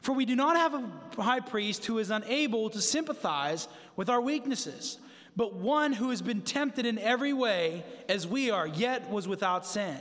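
A man's voice: high-pitched, lively intonation, normal speed, fairly bright tone. A man preaching a sermon in a conversational, emphatic way, turning to the congregation with asides. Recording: long hall reverb.

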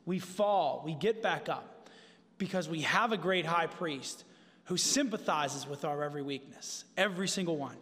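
High-voiced preacher in a reverberant hall. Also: male voice, moderate pace, fairly bright tone. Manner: conversational, emphatic, with asides to the congregation. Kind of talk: sermon.

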